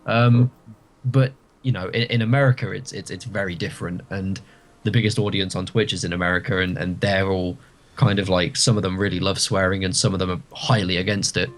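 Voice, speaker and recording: A man's voice: low-pitched, steady tone, a little fast. A British man chatting as a podcast guest, giving long winding explanations. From Britain. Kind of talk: casual podcast chat.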